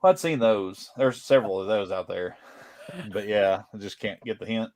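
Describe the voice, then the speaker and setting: A man chatting as a livestream guest, telling stories in an animated way and laughing as he talks. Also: lowish voice, normal speed, a little hiss or hum. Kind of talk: casual livestream chat.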